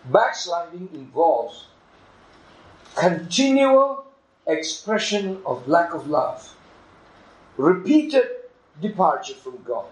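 An earnest male preacher delivering a sermon slowly and deliberately, with emphatic storytelling. His somewhat raised voice rings out in an echoing room. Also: a little high, sing-song.

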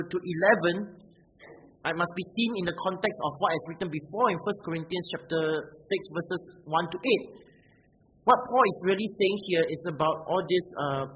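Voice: medium pitch, a bit bright, low-quality recording. A preacher giving a sermon and reading verses aloud. The preacher speaks emphatically, checks in with the congregation by asking "right?" again and again, and often repeats words while searching for the next phrase. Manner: emphatic, with rising rhetorical questions. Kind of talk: sermon, Bible exposition.

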